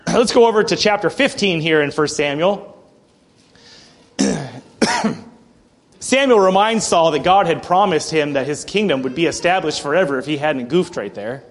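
A man with a high voice preaching a sermon. He tells the story with lively energy and throws in sudden acted outbursts. He clears his throat often as he goes. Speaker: pastor.

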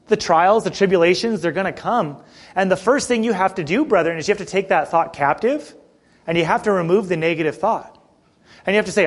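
A middle-aged man preaching a sermon in a conversational way, asking the congregation questions and often clearing his throat. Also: high-pitched. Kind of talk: sermon with personal story.

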